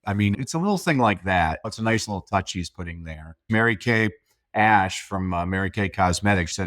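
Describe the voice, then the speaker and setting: This podcast guest, a speaker and coach, has a low, animated, slightly bright voice captured in clean studio sound with no room tone. He chats casually, spinning stories with enthusiasm and heaping praise on the host.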